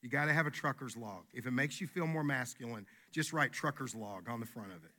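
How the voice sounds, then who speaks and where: A man's voice: medium pitch, fairly quick, bright, forceful tone. A man preaching a sermon as pastor, emphatic and folksy, repeating his key phrases.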